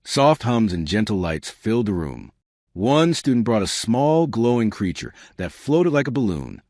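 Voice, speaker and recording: A man narrating a science fiction story with steady, scripted delivery. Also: fairly low pitch, normal speed, dry recording, clean studio sound.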